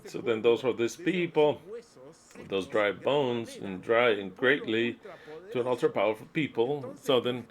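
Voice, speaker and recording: A man voices a sermon as its interpreter, at an ordinary middle pitch. He is emphatic and uneven, muttering low at one moment and bursting out loudly the next. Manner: emphatic, swings from low muttering to loud outbursts. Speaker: interpreter voicing a preacher.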